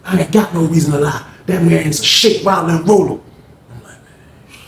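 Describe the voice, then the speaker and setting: A man tells a story in an excited, animated way, jumping into loud, high-pitched bursts when he acts out what other people said. His voice sits a little high. The sound is roomy and echoey, with a faint hiss underneath. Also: moderate pace, vocal fry. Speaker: storyteller recounting jail events. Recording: echoey room with faint background noise.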